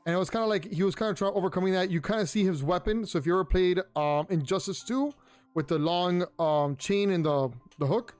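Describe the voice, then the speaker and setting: A young man hosting a podcast, chatting casually and rambling through his reviews with lots of restarts and excitable asides. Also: sits high, brisk, soft background music. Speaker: podcast host. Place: home room.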